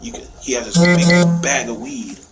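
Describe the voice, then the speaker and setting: A man's voice: mid-range voice, expressive, moderate pace, very noisy. Shaken father in a police interview. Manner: emotional, rambling retelling.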